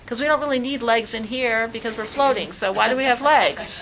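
A woman's voice: on the high side, a little fast, fairly bright tone, a little hiss or hum, rough recording. A woman voicing a hopeful unborn baby who reasons eagerly, asking wondering questions.

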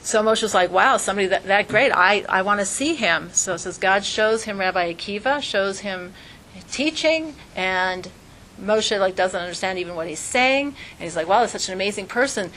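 A woman's voice: medium pitch, lively intonation, normal speed, a bit bright, slight background noise. A woman teaching an informal religious class, earnest and conversational, with strings of rhetorical questions. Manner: conversational, frequent fillers like "like".

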